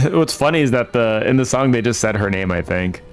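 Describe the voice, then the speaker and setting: A man's voice: medium pitch, lively intonation. A man streaming a video game, giving casual, playful commentary and laughing often. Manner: joking, playful, quick to laugh. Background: faint game music.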